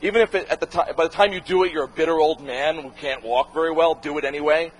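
A man, a documentary filmmaker, talking casually to an audience and answering questions, animated and profane, acting out the voices he quotes. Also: on the high side, fast, slightly rough, rough recording. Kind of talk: casual talk with Q&A.

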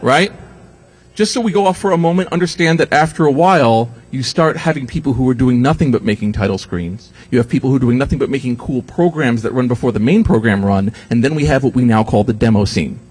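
A man's voice: mid-range voice, quick pace, breathy edge. A man giving a comic lecture to an audience, sarcastic and profane, putting on mocking voices for the people he quotes. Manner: animated, sarcastic, swears freely, quotes others in mocking voices. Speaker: speaker giving a talk.

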